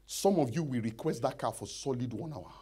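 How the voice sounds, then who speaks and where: A man preaching a sermon as pastor, swinging between loud shouts and low near-whispers, acting out pleading prayers. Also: fairly quick, slightly rough. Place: church hall.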